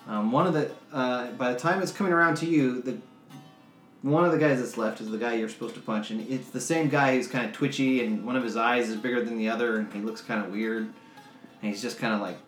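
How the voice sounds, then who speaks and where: A man running a tabletop game as game master, describing the scene in a relaxed, loose way and laughing often. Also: medium pitch, brisk. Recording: roomy echo, faint music behind.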